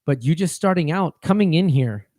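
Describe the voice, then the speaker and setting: Playful teasing man, slightly high voice. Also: lively intonation, moderate pace, mellow, no room sound, clean studio sound. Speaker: podcast co-host, coach. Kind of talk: casual chat.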